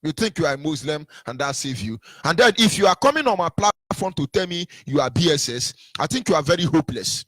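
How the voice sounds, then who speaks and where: A man's voice: on the high side, big pitch swings, a little fast, few pauses, fairly bright tone, no room sound. A Nigerian man giving an impassioned political monologue, preachy, repeating rhetorical questions and sometimes singing his lines. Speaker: activist broadcaster.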